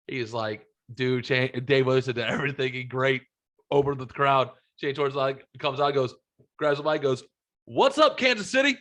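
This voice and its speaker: A man's voice: mid-range voice, level tone, moderate pace, a bit bright. A man hosting a podcast in casual, profane, rambling chat. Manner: profane, rambling, laid-back. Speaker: podcast host.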